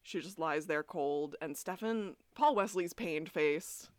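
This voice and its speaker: A woman's voice: low voice, slow, no room sound, clean studio sound. A woman co-hosting a podcast, recapping a TV episode in casual chat, swearing freely and acting out the characters' lines. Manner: animated, swears freely, acts out quotes. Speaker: podcast co-host.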